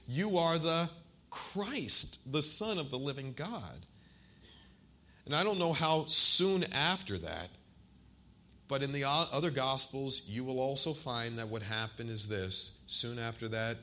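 A man in his forties preaching a sermon, asking his listeners questions and slowing down to stress key phrases and scripture. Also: mid-range voice, pushed and bright. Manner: asks the congregation questions directly. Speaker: pastor.

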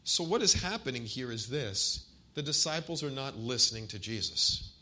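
A man in his forties preaching a sermon, asking his listeners questions and slowing down to stress key phrases and scripture. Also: medium pitch, expressive, sharp tone. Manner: asks the congregation questions directly. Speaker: pastor.

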